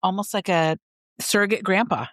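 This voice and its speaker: A woman's voice: medium pitch, normal speed, a bit bright, no echo, clean studio sound. A woman co-hosting a podcast, talking earnestly about a holiday movie's characters in a casual chat. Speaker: podcast co-host.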